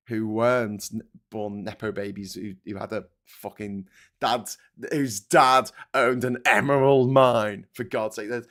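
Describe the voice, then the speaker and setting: A man's voice: mid-range voice, fairly bright tone. A man hosting his own channel, delivering a heated, sarcastic and sweary political rant. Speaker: vlogger host.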